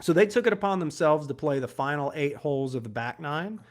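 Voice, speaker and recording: A man with a fairly high voice co-hosts a casual podcast chat. He tells his story in an animated way and laughs often as he goes. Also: brisk. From Georgia, US. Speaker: podcast co-host.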